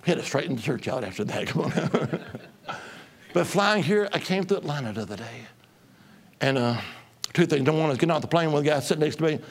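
Middle-aged evangelist, gravelly and fairly high, storytelling sermon with crowd call-outs. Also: male voice, brisk. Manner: lively, call-and-response, swings from loud to hushed. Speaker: traveling preacher.

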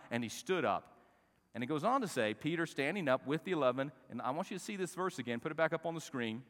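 A man preaching a sermon as pastor, shifting from soft conversational talk to raised, shouting passages and asking the congregation to repeat phrases. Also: a little high, expressive, fast talker, in a large hall.

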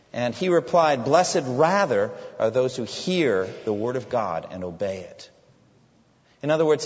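A man preaching a sermon, expressive, dropping low and quiet when he quotes Jesus. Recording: dull echoey hall recording.

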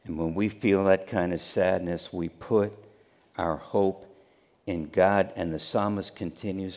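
A man pastor preaching a sermon, swinging between hushed, near-whispered lines and loud, emphatic ones. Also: on the low side, fairly even intonation, a little slow, long reverb tail.

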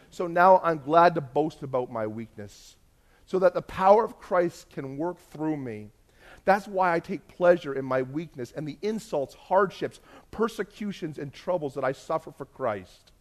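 A man preaching a sermon, telling a story and swinging between hushed, intimate moments and loud, emphatic lists. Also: high voice. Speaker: pastor.

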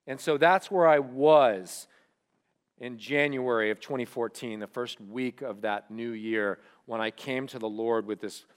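A young man, a student pastor, preaching a sermon as a personal story, moving between loud animated retelling and quiet reflective asides. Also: medium pitch.

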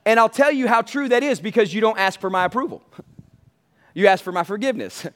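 A man's voice: high voice, animated, a little fast, pauses often, a bit bright. A man preaching a sermon as pastor, emphatic and repetitive, calling out to his congregation.

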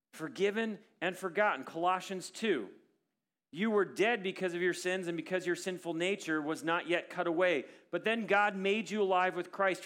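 A man preaching a sermon, reading scripture earnestly and moving between emphatic stresses and hushed, quiet lines. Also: on the high side. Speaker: pastor.

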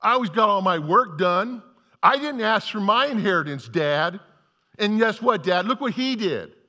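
A preacher playing a whiny jealous older brother. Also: male voice, high voice, expressive, moderate pace, pushed and bright, dull audio, pitched above the performer's own voice. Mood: resentful. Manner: whiny, aggrieved complaining. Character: sulking jealous older brother, young man. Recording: long hall reverb.

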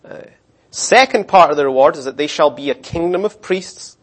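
Animated man preaching a sermon. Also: a little high, normal speed. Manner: animated, acts out voices of complainers and God. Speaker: pastor.

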